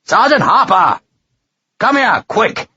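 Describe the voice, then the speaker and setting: A man's voice: medium pitch, expressive, fairly quick, breathy edge, no room sound, muffled recording. A male narrator voicing a stern British officer who barks urgent orders.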